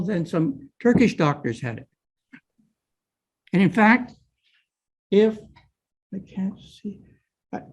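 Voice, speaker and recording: A man's voice: sits high, a little mellow, breathy edge. An older man giving a guided lecture on an old manuscript, explaining step by step and often checking in with his listeners. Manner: explanatory, frequent "right?" checks.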